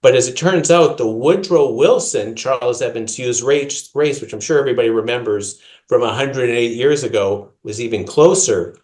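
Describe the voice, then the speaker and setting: A man with a Minnesota accent, co-hosting a podcast and explaining a segment with careful, measured enunciation. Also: mid-range voice, darkish tone. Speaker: podcast co-host.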